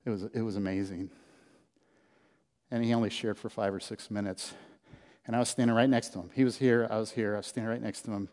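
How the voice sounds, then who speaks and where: A man preaching a sermon as pastor, telling a story in an animated way, with loud bursts that drop to hushed low lines. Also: fast, long pauses. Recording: long hall reverb.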